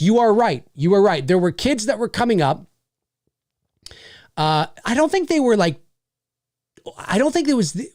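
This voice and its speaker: A man in his forties hosting a casual livestream, animated and profane, laughing often. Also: high-pitched, no room sound, studio quality. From Canada. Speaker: livestream host.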